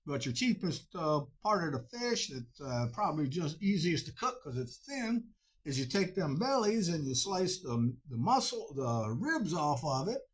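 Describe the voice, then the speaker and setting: High-voiced folksy man. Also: very animated, unhurried, husky. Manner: folksy, drawling, with frequent uh fillers. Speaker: cooking show host. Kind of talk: rambling folksy cooking talk.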